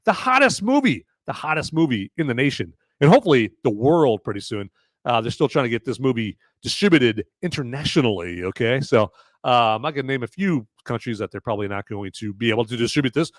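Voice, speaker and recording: A man's voice: medium pitch, a bit bright, no room sound, studio quality. A man hosting a live-stream podcast as he reviews a movie, talking casually and rambling, often repeating words and tagging "okay?" onto his points. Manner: thanks viewers by name for donations.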